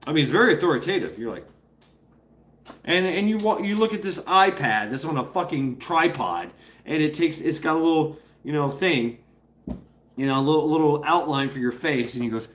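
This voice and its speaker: A man talking casually on a livestream, profane and rambling, stumbling over restarts and slipping into quick impressions of other people. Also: medium pitch. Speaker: streamer.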